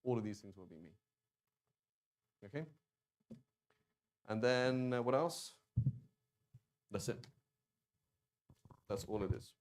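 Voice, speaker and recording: Male teacher, casual classroom talk, sounds out words slowly, many ums and restarts, mid-pitched voice. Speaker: Arabic teacher. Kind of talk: classroom lesson.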